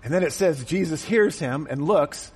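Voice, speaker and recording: A man's voice: fairly high pitch, animated, moderate pace, darkish tone, slightly rough, long reverb tail. A man preaching a conversational, joking sermon to a congregation in a church. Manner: conversational and joking, acts out quotes. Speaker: pastor. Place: church auditorium.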